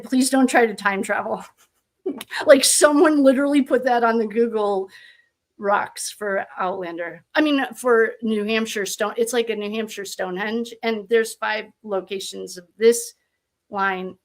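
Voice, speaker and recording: Woman livestream host, chatty and bubbly, greets viewers and laughs easily; mid-range voice. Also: mid-range voice. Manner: chatty, reads viewer comments aloud, laughs often. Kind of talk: casual livestream chat.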